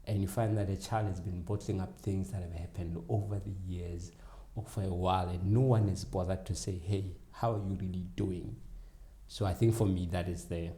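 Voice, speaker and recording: Speaking low and brisk with hardly any pauses, the man keeps a fairly even intonation and a mellow, reverberant sound. He's a guest educator who owns a tutoring business, earnestly reenacting exchanges with kids during a conversational interview.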